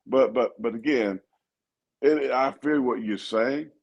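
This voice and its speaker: Animated preaching older man, gravelly voice. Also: medium pitch, a little slow, highs cut off. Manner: animated, preachy, repeats himself. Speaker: pastor and co-host. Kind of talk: casual sports talk.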